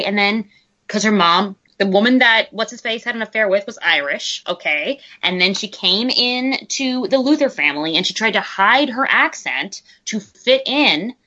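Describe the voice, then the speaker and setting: A woman co-hosting a podcast in casual chat, animated and joking, with quick asides. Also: medium pitch. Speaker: podcast co-host. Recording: muffled lo-fi audio.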